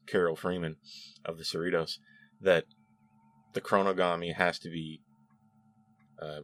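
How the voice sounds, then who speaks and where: Deep-voiced man chatting casually. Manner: chatty, animated, laughs often, many fillers and restarts. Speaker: show host reviewing episodes. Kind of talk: casual spoken review.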